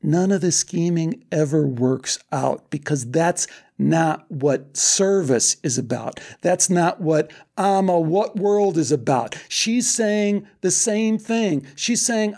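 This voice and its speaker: A man's voice: on the high side, slow, hardly any pauses, darkish tone. A man with a Chicago accent hosting a podcast, talking earnestly and with enthusiasm about spiritual seeking. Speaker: podcast host. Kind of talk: casual interview chat.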